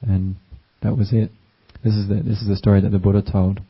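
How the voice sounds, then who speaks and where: A man giving a gentle, unhurried dharma talk as a meditation teacher, with frequent ums and uhs. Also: on the low side, flat delivery, slightly rough. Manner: gentle, unhurried, with many fillers. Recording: dull lo-fi recording.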